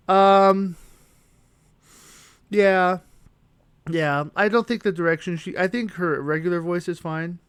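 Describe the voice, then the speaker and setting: A man's voice: on the high side, clean tone, no room sound. A young adult man streaming a game live, chatting to his viewers and thinking aloud while he plays. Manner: thinks aloud while playing and reading chat. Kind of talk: live gameplay commentary.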